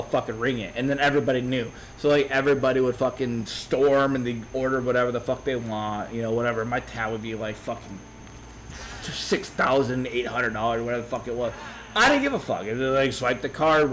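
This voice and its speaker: A man in his thirties telling a brash, profane story in a casual, animated way. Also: mid-range voice, a little hiss or hum, rough recording. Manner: brash, profane, animated retelling with quoted voices. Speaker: streamer.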